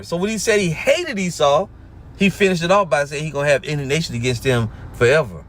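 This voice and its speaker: A man delivering a fierce, combative sermon in a voice pitched a little above the usual. His tone is taunting and provocative, and he drops into a slow, deliberate reading whenever he quotes scripture. Faint background noise sits under his voice. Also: a bit bright, poor audio. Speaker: street preacher. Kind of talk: confrontational scripture preaching.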